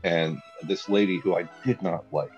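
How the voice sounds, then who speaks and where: A young man telling a comic story in a casual chat, animated and laughing often as he acts out what people said. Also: deep voice, normal speed, muffled recording, soft background music.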